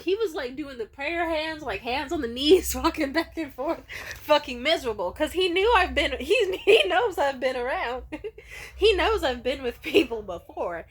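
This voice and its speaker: A woman's voice: high voice, sing-song, moderate pace. A young woman vlogger telling a candid, profane story in a casual way and laughing often.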